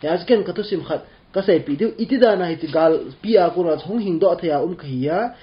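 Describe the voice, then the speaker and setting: A man interpreting a rabbi's class, talking quickly and trailing off at the ends of phrases. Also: sits high. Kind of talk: rapid spoken translation. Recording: dull lo-fi sound with faint room noise.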